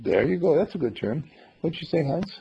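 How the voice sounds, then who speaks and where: A man's voice: on the high side, very animated, fairly quick, gravelly, lo-fi sound, slight background noise. A man teaching a small group in a playful way, acting out little dialogues in different voices. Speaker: spiritual teacher. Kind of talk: group talk.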